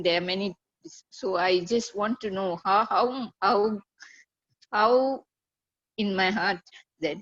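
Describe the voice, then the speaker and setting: Emotional halting woman, dull audio. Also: mid-range voice. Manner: halting, with many fillers and restarts. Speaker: disciple sharing a remembrance. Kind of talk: emotional personal testimony.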